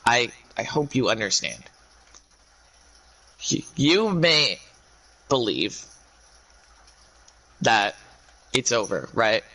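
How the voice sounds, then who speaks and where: Man ranting to his viewers; bright, sharp tone and a lively pitch; halting, rambling delivery. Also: a little hiss or hum, low-quality recording. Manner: ranting, halting, many restarts.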